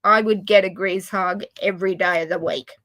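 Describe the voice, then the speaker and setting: An Australian woman chats as a guest on a video call, affectionate and self-deprecating, calling people my love and darling. Her voice is bright and crisp at a middle pitch. The recording is dry and close. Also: steady tone, normal speed, no echo, rough recording. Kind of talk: casual chat.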